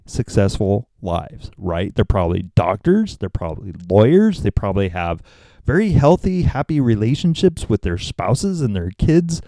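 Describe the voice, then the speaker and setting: A man's voice: medium pitch, warm tone, dry recording. A man giving profane, sarcastic commentary, mocking a talk he is reacting to. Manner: sarcastic, swears constantly, exasperated.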